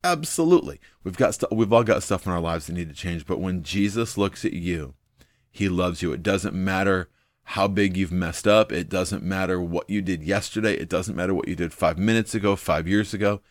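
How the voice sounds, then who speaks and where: A man's voice: deep voice, steady tone, normal speed, no echo, studio quality. A man hosting a devotional video, teaching from the Bible in an earnest, thinking-aloud way, full of ums and repeating his main points.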